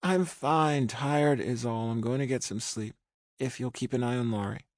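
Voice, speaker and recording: A man voices a tired, stubborn young pregnant woman, delivering clipped, defiant lines in a mid-range voice pitched above his own yet close to everyday speech. He speaks at a moderate pace with a slightly mellow tone. The clean studio recording has no room sound.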